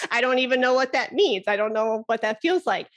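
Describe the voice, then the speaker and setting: Casting note: a woman flute teacher as a chatty podcast guest, a bit higher-pitched, quick to laugh. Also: lively intonation. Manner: enthusiastic, chatty, laughs often. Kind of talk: casual podcast conversation.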